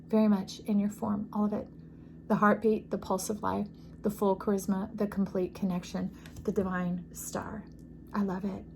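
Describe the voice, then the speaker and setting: A woman's voice: medium pitch, slight background noise. A woman giving an intuitive tarot reading to camera, effusive and preachy, often checking in with the listener. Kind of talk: casual spiritual reading to camera.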